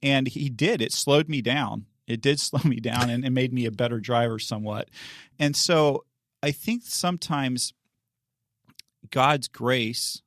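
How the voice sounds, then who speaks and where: A man's voice: medium pitch, unhurried, a bit bright, no echo. A middle-aged man, a pastor, telling a story on a church podcast in a chatty way, laughing often and acting out the people he quotes.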